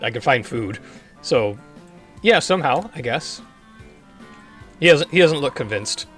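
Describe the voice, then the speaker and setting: A man's voice: medium pitch, animated, a little slow, fairly bright tone, soft background music. A man doing casual let's-play commentary with dry, wry asides. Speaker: gaming YouTuber.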